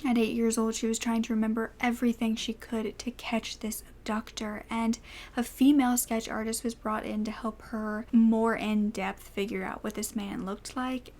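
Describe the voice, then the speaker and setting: Soft, whispery true-crime narrator, woman. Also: a little high. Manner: soft-spoken, often slipping into whispers.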